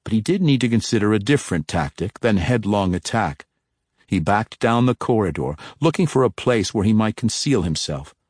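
A man narrating a fantasy audiobook in a measured, steady storytelling manner on a close mic. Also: lowish voice, slightly rough, dry recording.

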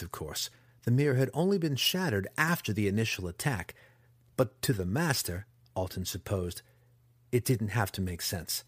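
A man narrating a fantasy audiobook in an expressive, dramatic storytelling style on a close mic. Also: fairly low pitch, normal speed, breathy edge, no room sound.

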